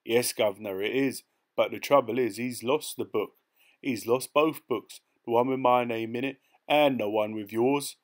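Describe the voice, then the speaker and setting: A man's voice: mid-range voice, normal speed, lightly acted. Man doing a cocky pickpocket. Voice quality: cocky, streetwise. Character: sly, boastful male pickpocket hitch-hiker.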